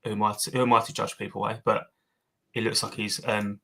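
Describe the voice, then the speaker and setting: A man's voice: on the low side, little pitch movement, fairly quick, vocal fry, a bit bright. A man co-hosting a casual fan podcast, giving blunt opinions, swearing and calling his co-host mate. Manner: blunt, matey, swearing, says mate a lot.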